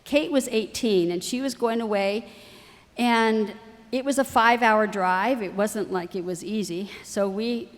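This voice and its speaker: A middle-aged woman, a university president's wife, telling lively family stories to an audience and acting out the voices of the people in them. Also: mid-range voice. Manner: animated, acts out quoted voices. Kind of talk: storytelling talk to an audience. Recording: reverberant hall.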